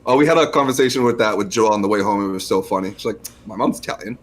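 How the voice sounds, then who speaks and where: A man's voice: lowish voice, rapid-fire. A young man co-hosting a casual stock podcast, laid-back and slangy, laughing often. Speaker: co-host.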